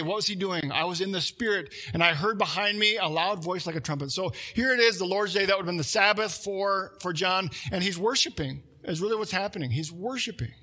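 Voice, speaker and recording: A middle-aged pastor preaching a sermon, his voice high and bright. He talks like a conversation and turns aside to the congregation. He often stops and starts a phrase again.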